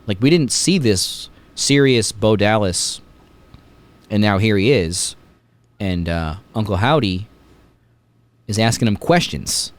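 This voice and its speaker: Low-voiced man hosting a chatty podcast. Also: lively intonation, takes it slowly, pauses often. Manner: chatty, joking, retells scenes. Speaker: podcast host. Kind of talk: casual chat.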